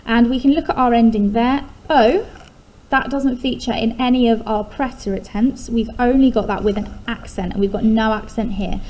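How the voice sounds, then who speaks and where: A woman's voice: fairly high pitch, moderate pace, a little mellow, rough recording. An English woman teaching a recorded lesson, explaining patiently step by step and stressing key syllables.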